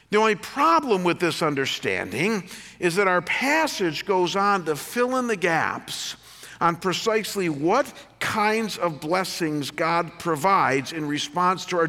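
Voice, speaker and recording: A male pastor delivers a sermon in a church, his voice bright and forceful and a touch high. He swings from loud, lifted emphasis to soft, low asides. Long reverb trails each phrase. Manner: animated preaching with sudden loud rises and soft drops.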